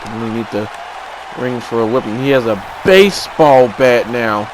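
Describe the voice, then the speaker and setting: A man giving excited play-by-play commentary on a video game wrestling match, swinging from low mutters to sudden shouts. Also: moderate pace. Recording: crowd and game noise behind.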